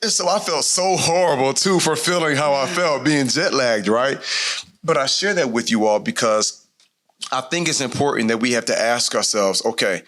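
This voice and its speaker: A man hosting a live podcast taping on a conference stage, telling a story in an animated way and acting out quotes. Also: mid-range voice, moderate pace. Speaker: podcast host.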